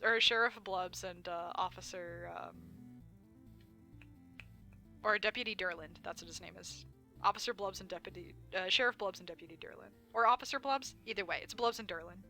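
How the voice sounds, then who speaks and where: Woman streamer, game reading, excited asides, bright voice, faint music. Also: medium pitch, moderate pace. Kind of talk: reading a visual novel aloud with asides.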